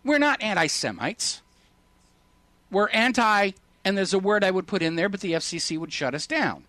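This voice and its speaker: A man's voice: sits high, animated, moderate pace, pushed and bright, dry recording. A man hosting a political talk radio show, speaking in an indignant, sarcastic and emphatic way.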